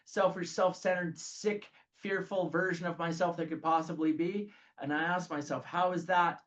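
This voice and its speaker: A man leading a recovery group study in a lively talk, often checking in with "okay?". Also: high voice, dull audio. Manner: animated, says "okay?" often.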